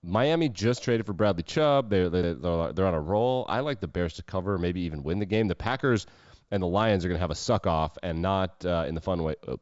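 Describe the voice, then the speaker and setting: A deep-voiced man hosts a casual podcast and gives his sports betting picks, opinionated and brash, cursing freely. The sound is dry and a little dull, with no room around it. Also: lively intonation, a little fast, no echo. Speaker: podcast host.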